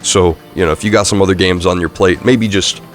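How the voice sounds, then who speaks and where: Over faint background music, a young man rambles through a casual video game review, full of fillers and self-corrections. His voice sits low, with fairly even intonation and a slightly fast pace.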